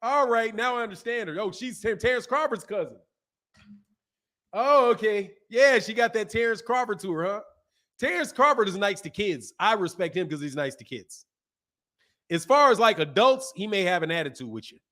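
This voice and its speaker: A man with a high-pitched voice, talking casually on a boxing channel stream. He rambles through anecdotes in a loose, slangy way, peppering his talk with "bro" and "man". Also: expressive, moderate pace, bright, forceful tone. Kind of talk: casual live-stream chat.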